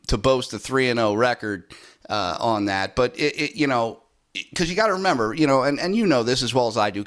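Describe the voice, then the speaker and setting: A man's voice: medium pitch, a bit bright. A man hosting a casual interview, talking in a rambling way with lots of fillers. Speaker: podcast host. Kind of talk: casual chat.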